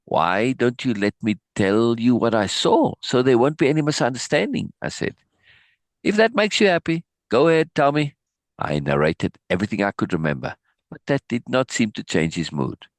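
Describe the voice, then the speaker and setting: A man teaching, reading a book passage aloud and breaking off with animated, laughing asides and restarts. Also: medium pitch, normal speed, no room sound.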